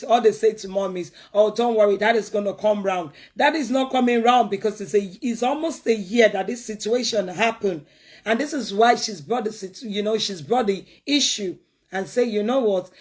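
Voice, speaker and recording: Earnest woman pleading and preaching. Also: mid-range voice. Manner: pleading, preachy, repeats words for emphasis. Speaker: commentator giving advice. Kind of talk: earnest talk-show commentary.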